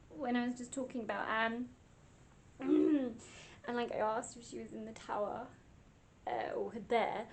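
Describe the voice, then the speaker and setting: A woman ghost hunter speaking in a hesitant, halting way, close to tears. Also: high voice. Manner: hesitant, halting, with nervous laughs. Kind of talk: vlog commentary.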